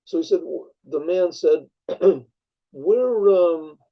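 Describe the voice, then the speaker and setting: A rabbi tells a story in a gravelly, husky voice that sits fairly high for a man. He rambles, restarts his sentences and clears his throat often. The recording is dull and lo-fi. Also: steady tone, slow. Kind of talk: storytelling talk.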